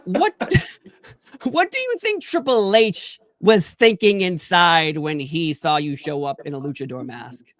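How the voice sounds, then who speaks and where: A man's voice: on the high side, animated, slow pace, fairly bright tone, no room sound, clean studio sound. A man hosting an interview, asking long, enthusiastic questions full of fillers and restarts. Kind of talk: casual sit-down interview.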